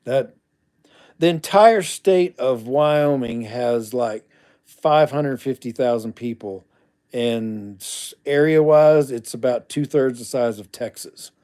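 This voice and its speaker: Blunt, mellow-voiced man chatting on a livestream. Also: medium pitch, takes it slowly. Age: middle-aged. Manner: blunt, chatty, mumbles asides under his breath. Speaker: livestream host reading viewer comments. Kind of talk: casual livestream chat.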